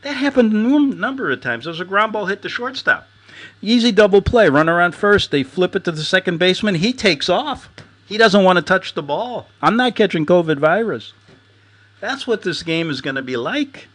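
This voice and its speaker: A man's voice: high-pitched, fairly quick. A middle-aged man hosting a show, ranting and telling stories casually, acting out quotes and laughing often. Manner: animated, storytelling, laughs often, acts out quotes. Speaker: host.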